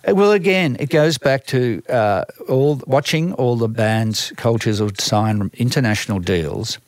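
Recorded dry, an older Australian man who manages a band speaks a little slowly at a medium pitch. In a relaxed interview he spins lengthy, wandering career stories, often starting over and performing the quotes.

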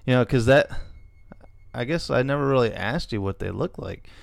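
A man's voice: mid-range voice, normal speed, creaky, no room sound, clean studio sound. A middle-aged man, co-hosting a casual podcast and rambling with frequent restarts. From Illinois, USA. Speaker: podcast co-host.

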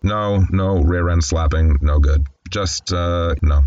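A man's voice: low-pitched, slow, darkish tone, dull audio, a little hiss or hum. A man casually recapping a classic film, candid and conversational with wry asides. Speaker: film commentator.

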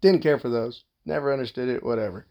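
A young man with a gravelly, fried edge to his mid-pitched voice tells a personal story in loose, rambling fashion. He swears constantly and cracks jokes as he goes, keeping it crude and offhand. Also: fast talker, dull audio. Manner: profane, rambling, joking. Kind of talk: casual storytelling.

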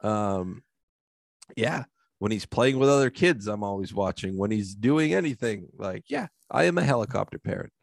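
Young guy cohosting a podcast, gravelly low voice, swings up and down a lot. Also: animated, moderate pace, no echo, studio quality. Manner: candid, self-deprecating. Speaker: podcast co-host. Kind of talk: casual chat.

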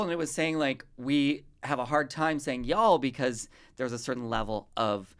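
A woman's voice: extremely low pitch, moderate pace. A woman from the US West Coast hosting a podcast in casual chat, rambling and often cutting herself off. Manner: rambling, chatty, self-interrupting. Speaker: podcast host.

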